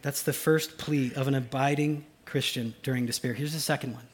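A pastor preaching a sermon, swinging from loud urgency to a hushed, almost whispered delivery. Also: male voice, medium pitch, steady tone, a little fast, a little hiss or hum. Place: church sanctuary.

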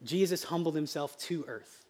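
A man with a notably high voice preaches to his congregation as their pastor. He talks in a chatty, lively way and now and then bursts out loud. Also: normal speed. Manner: lively, conversational preaching with sudden loud outbursts. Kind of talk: preaching a sermon. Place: church sanctuary.

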